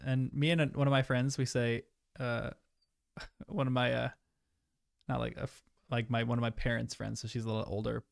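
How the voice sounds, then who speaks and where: Watching a film along with his viewers, a young man gives casual live commentary that's chatty and emotional, drifting into soft asides. He speaks at a moderate pace with medium pitch, little pitch movement and some vocal fry, recorded dry in a clean studio.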